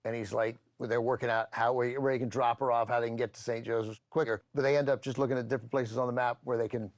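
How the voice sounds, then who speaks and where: Gravelly low-voiced guy hosting a movie chat, dry close mic, lots of uh and you know. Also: flat delivery, fast talker, no room sound. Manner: conversational, many fillers, retells scenes. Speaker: film channel host. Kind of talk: casual film discussion.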